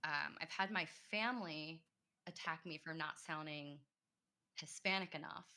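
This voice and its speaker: A woman speaking earnestly in a casual panel discussion, animated as she recalls personal experiences. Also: sits low, a little slow. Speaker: panel guest.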